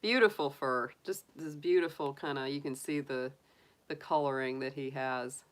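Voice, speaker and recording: A woman's voice: a bass voice, normal speed. A woman hosting a casual livestream, cooing in baby talk to her pet rabbit and chatting with viewers. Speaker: tarot reader livestream host.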